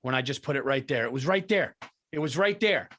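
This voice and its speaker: A middle-aged man co-hosting a podcast, telling animated, profane stories and ranting about pet peeves. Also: medium pitch, brisk. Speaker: podcast co-host. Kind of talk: casual comedic storytelling.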